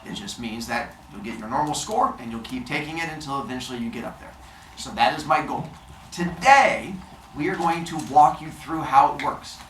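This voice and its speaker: A man's voice: mid-range voice, moderate pace. A male teacher walking seventh graders through a quiz step by step, with dry sarcastic asides. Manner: steady step-by-step explaining. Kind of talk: classroom instruction. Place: classroom full of seventh graders. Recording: noisy classroom. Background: student chatter.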